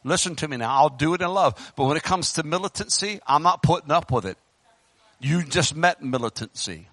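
A man preaching a sermon in church into a microphone, fervent, swinging from loud bursts to hushed pleading. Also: a little high, expressive, a little fast, no echo. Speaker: pastor. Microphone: handheld microphone.

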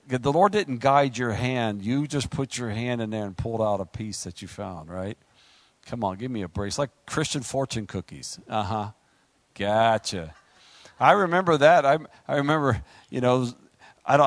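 A man delivers a sermon in a chatty, joking style, acting out quick asides before climbing into excited, high-pitched preaching. There is no room sound.

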